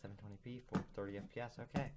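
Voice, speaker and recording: A man's voice: on the low side, steady tone, very fast, heavy background noise. A man in his home recording setup giving casual, nervous reaction commentary, chattering to himself. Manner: jittery, nervous chatter with self-talk. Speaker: gaming vlogger.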